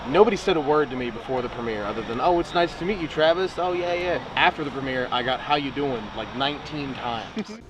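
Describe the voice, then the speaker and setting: A man, an actor guest, telling animated stories in a casual interview, acting out what others said to him. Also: mid-range voice, brisk. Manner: animated storyteller, acts out quotes. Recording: outdoor interview with clear street noise.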